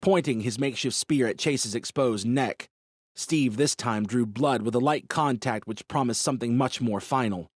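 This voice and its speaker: A male audiobook narrator reads in a measured, dramatic way at a mid pitch. He is recorded close on a studio mic. The sound is dry, with no room around it. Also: husky, no echo. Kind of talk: scripted narration.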